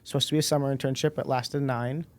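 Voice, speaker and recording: A man in his twenties, a podcast guest, telling a personal story in a relaxed way and acting out the dialogue. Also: medium pitch, fast. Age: 20s. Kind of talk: casual storytelling interview.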